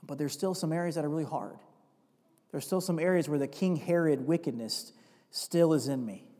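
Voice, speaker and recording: Pastor guy preaching, kinda high voice, big echoey hall, gets loud then goes quiet and confessional. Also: normal speed. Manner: preaching with rising emphatic stretches and quiet confessional asides; reads scripture aloud. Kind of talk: sermon. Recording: long hall reverb.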